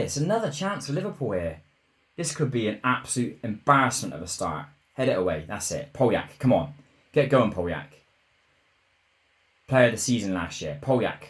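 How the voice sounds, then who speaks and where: Excitable low-voiced man gaming. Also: moderate pace. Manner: excitable, shouts at goals, mutters when frustrated. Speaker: gaming YouTuber. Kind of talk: live game commentary.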